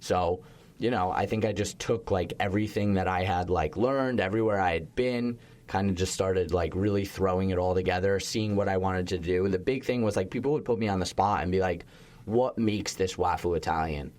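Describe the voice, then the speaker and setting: A man's voice: deep voice, fairly quick. A young adult man, a chef and restaurateur, talking casually in an interview with lots of "like" fillers and the odd swear word. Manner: animated storytelling, heavy use of "like", occasional swearing.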